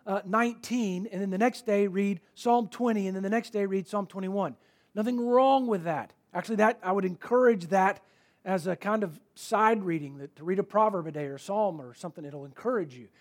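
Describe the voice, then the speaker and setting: A man preaching a sermon in a conversational, emphatic way, repeating key words for stress. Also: sits high. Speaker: pastor.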